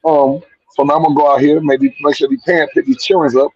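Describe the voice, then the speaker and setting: A man's voice: fairly high pitch, level tone, fast talker, a little mellow, slightly rough, no room sound, dull audio. A man who coaches track, calling in from a meet and chatting loosely and jokingly. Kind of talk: casual chat.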